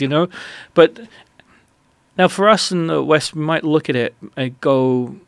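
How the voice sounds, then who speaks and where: A man with a gravelly, creaky voice tells a personal story as a radio interview guest. He talks in an animated, rambling way and restarts often. The recording is dry and close. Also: medium pitch, a little slow, no echo.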